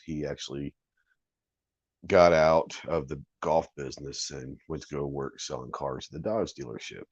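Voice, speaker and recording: Deep-voiced middle-aged man telling a story. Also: slightly rough, no echo. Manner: rambling, repeats words, acts out quoted dialogue. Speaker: podcast host. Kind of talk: casual storytelling. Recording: dull, lo-fi dry sound.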